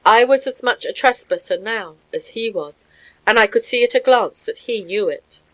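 A woman giving a measured, scripted narration of a story. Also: fairly high pitch, expressive, poor audio. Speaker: audiobook narrator.

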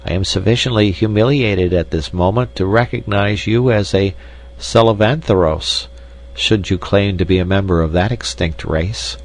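A man's voice: lowish voice, moderate pace, lightly acted. A man voicing a lazy, querulous male weasel king in a storybook reading, snappish and whiny.

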